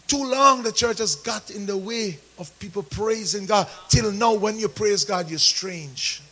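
A man preaching a sermon, calling out to the congregation and rising into shouts. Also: high voice, unhurried, rough recording. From Caribbean. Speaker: pastor.

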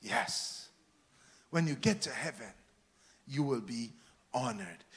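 A man preaching a sermon to a church, with rhetorical questions and dynamic swings from hushed words to shouting. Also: mid-range voice, sing-song, slow pace, creaky.

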